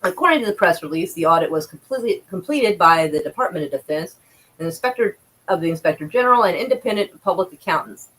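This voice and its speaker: A woman's voice: on the low side, animated, fast talker, a bit bright, rough recording. A woman livestreaming, reading news aloud and reacting with sarcastic, profane commentary and exasperated sighs.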